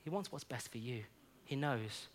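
A man's voice: medium pitch, expressive, normal speed. Earnest man preaching a story-filled sermon. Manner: earnest, conversational, frequent "you know".

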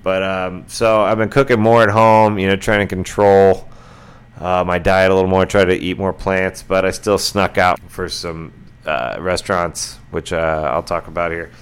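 Man, deep low voice, smooth and clear, casual podcast chat, lots of uh and you know. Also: little pitch movement, moderate pace. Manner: rambling, many fillers and restarts. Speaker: podcast host.

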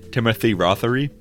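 A man chatting casually about movies, animated and swearing freely. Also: medium pitch. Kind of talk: casual chat.

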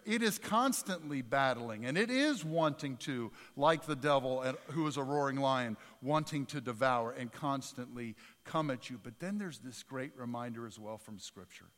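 A man's voice: medium pitch, lively intonation, normal speed, few pauses, fairly bright tone. A man preaching a sermon as pastor, talking conversationally with repetitions and climbing to emphatic peaks. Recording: church hall with long reverb.

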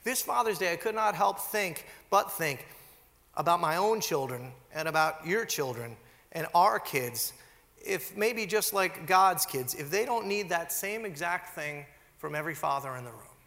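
A man preaching in a church, his voice high and bright and swinging widely in pitch as he acts out every quote. His words ring out under a long hall reverb. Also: a little slow, creaky. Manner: animated storytelling, acts out quotes. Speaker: pastor. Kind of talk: sermon.

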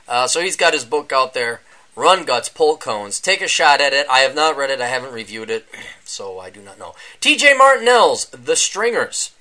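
Bright-voiced man hosting a rambling podcast. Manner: rambling, sarcastic, mimics people in high mocking voices. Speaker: podcast host. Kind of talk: casual solo podcast monologue. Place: indoors during a power outage.

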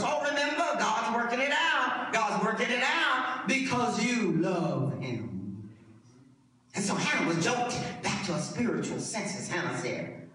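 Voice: mid-range voice, big pitch swings, a little slow, pushed and bright. A preacher delivering a sermon with emphatic repetition and call-and-response, heard in a church sanctuary. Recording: echoey hall, distant mic, faint noise.

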